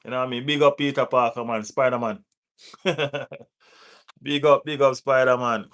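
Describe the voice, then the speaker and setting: A male football watch-along host with a West Indian accent banters playfully with the chat in a mid-range voice. He talks at a moderate pace with a steady tone, giving shout-outs, teasing rival fans and laughing often.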